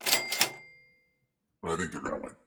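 A man's voice: very deep voice, fairly even intonation, slow, pushed and bright. A man cohosting a casual sports podcast, wry and jokey in his picks. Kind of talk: casual chat.

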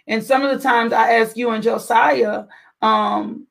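A woman's voice: on the high side, steady tone, measured pace, gravelly. A middle-aged mother giving an earnest, preachy faith-based parenting talk, full of rhetorical questions.

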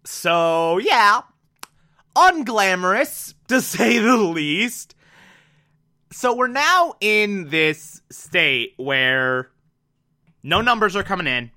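Man, casual recap, excitable, slowish delivery, bright tone, slightly high voice. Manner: excitable, acts out characters. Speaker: TV show recapper.

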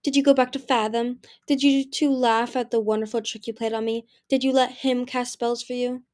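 Woman doing a sad pleading dragon guy from a book reading, voice goes up high when he begs. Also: little pitch movement, moderate pace, darkish tone, close to an everyday voice. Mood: bitter. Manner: pleading, raised and emotional. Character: lonely grieving male dragon king, pleading, bitter. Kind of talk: audiobook reading.

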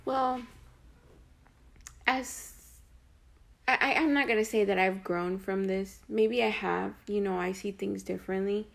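A woman's voice: mid-range voice, fairly even intonation, unhurried, creaky, pauses often. A woman co-hosting a casual podcast, answering her friend with short, supportive remarks. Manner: supportive, short reactions and gentle reassurance. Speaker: podcast co-host. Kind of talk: casual chat.

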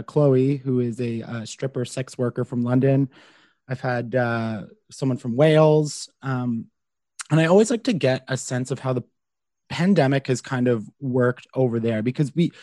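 A man's voice: mid-range voice, warm tone, no echo. Upbeat Canadian podcast host man. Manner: upbeat, chatty, lots of fillers. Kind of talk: podcast intro and interview.

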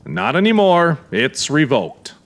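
A man's voice: a little high, big pitch swings, slow pace, fairly bright tone, pitched above the performer's own voice, heavily acted. A man voicing a firm, blunt young small-town police officer, in an audiobook reading. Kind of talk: audiobook character voice.

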